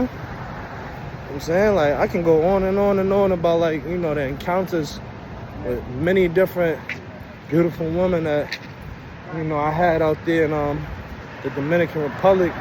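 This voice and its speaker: A young man with a Brooklyn accent, casually telling a story in a loose, slangy way and often asking "you know what I'm saying". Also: a little high. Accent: Brooklyn, New York. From Brooklyn, New York. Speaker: vlogger. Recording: noisy outdoor street recording.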